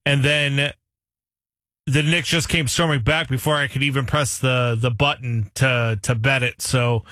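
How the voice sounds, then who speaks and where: A man's voice: mid-range voice, normal speed, dry recording, studio quality. A man who produces a sports talk show, chatting casually with the host about the game. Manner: relaxed, conversational, easygoing.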